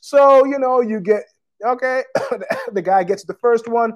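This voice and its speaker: A man with a fairly high voice hosts his own podcast and rambles through stories, swearing freely and piling on fillers. He is fighting a cough as he talks. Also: unhurried, dull audio. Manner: profane, digressive storytelling with many fillers. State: has a cough. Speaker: podcast host. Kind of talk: casual rambling monologue.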